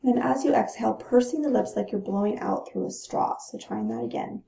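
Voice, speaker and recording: A woman teaching breathing techniques in a calm, instructional way, pausing to demonstrate the breaths. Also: mid-range voice, creaky. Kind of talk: gentle instructional talk. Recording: roomy, dull lo-fi sound.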